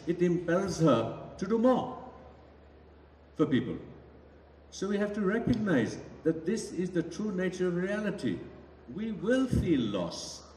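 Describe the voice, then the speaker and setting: A man from India answering audience questions at a summit in a reflective, anecdotal manner. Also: high voice. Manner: reflective, anecdotal, lively delivery. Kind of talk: public talk Q&A. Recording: echoey hall from far off, faint noise.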